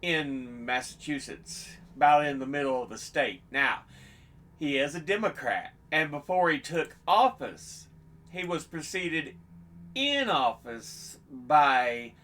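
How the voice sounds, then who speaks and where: A man hosting an informational video, reading dates and figures in a steady, measured way and sometimes restarting a phrase. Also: fairly high pitch. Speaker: host. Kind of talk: unscripted informational presentation.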